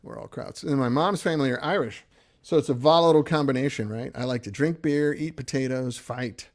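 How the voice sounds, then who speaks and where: A man's voice: medium pitch, a little fast. A man hosting a casual livestream, rambling and laughing as he reads viewer comments aloud. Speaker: livestream host and guitarist.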